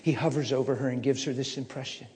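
A man preaching a personal story, swinging from hushed asides to loud emphatic lines. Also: medium pitch, fairly even intonation, fast talker. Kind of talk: storytelling sermon. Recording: long hall reverb.

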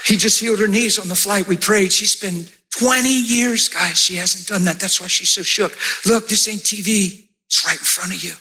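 A man preaching a sermon as a pastor, telling a testimony like an animated storyteller who acts out the dialogue. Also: high-pitched, normal speed, slight background noise, poor audio.

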